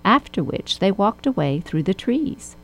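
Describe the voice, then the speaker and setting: Woman narrator for a children's storybook, steady and expressive. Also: mid-range voice, unhurried, low-quality recording.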